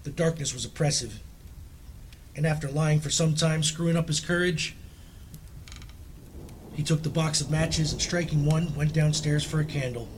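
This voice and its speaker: A man telling a ghost story aloud in a dramatic, suspenseful reading, sinking low and quiet at tense moments. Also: normal speed, pauses often, slight background noise.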